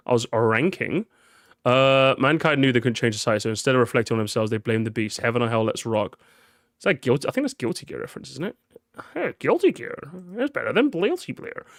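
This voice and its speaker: A man's voice: mid-range voice, clear, resonant tone, dry recording, studio quality. A tired man chatting casually on a live stream, repeating words, swearing and reacting to his chat.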